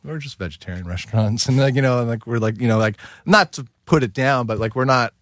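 A man's voice: medium pitch, fast talker, a bit bright, no room sound, studio quality. A man, a guest chef, talking in a casual podcast conversation, rambling with many fillers.

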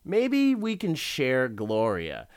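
A man's voice: mid-range voice, huge pitch swings, slow pace, clear, resonant tone, full character voice. A man voicing a smug, obsessive rich man who boasts while he blackmails. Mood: gloating.

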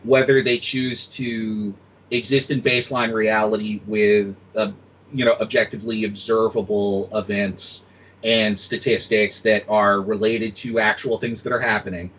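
Male critic as a podcast guest, lively and mocking, slightly raspy, lo-fi recording. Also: fairly low pitch, a little slow. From United States. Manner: animated, sweary, mocking quoted voices. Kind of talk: casual podcast chat. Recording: dull lo-fi audio.

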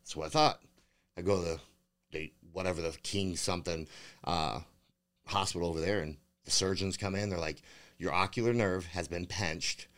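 Brief: young male fighter guest, low voice, casual and profane, loose rambling delivery full of "you know" fillers. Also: steady tone, fairly quick, a bit bright, smooth. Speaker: bare-knuckle fighter guest. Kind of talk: casual podcast interview.

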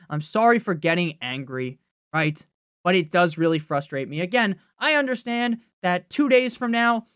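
A man's voice: high voice, dry recording. Profane, ranting young man, dry sound. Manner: frustrated, profane, rambling rant with sudden loud outbursts. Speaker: fantasy football podcast host. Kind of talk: casual ranting podcast talk.

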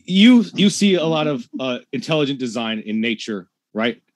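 A man moderating a debate in a loose, colloquial way, stumbling over a few words. His voice sits at a middle pitch, with dry, close sound. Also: big pitch swings, moderate pace, dry recording. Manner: casual, colloquial, stammers a bit. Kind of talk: casual debate chat.

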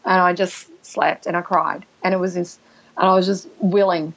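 A woman guest telling a personal story in conversation, halting and emotional, with restarts and throat-clearing. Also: fairly low pitch, fairly even intonation, a bit bright. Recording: dull lo-fi recording.

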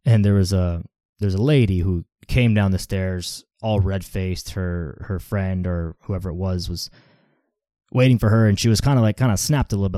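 Guy rambling on his podcast, lots of likes, warm lowish voice. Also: brisk, no room sound, clean studio sound. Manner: rambling, heavy use of "like" fillers. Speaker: fitness podcast host. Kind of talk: casual solo podcast talk.

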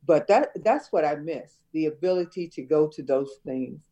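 An older woman speaks in a mellow, soft-toned voice whose pitch rises and falls freely. She reminisces warmly and talks in an easy, teacherly way, laughing now and then as she chats with her son. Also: expressive, normal speed, rough recording. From Chicago area. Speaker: interviewee, mother of the host. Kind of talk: casual family interview.

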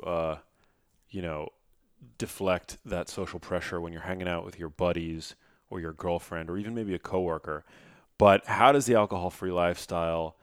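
A man's voice: sits low, clean tone, no echo, clean studio sound. A man hosting a podcast interview, talking reflectively and searching for his words. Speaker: podcast host. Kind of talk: conversational interview.

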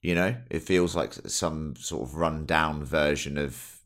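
British guy with a really low rumbly voice, chatty film talk, swears a lot. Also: a little slow, fairly bright tone. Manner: rambling, swears casually. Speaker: podcast co-host. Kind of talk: casual film discussion.

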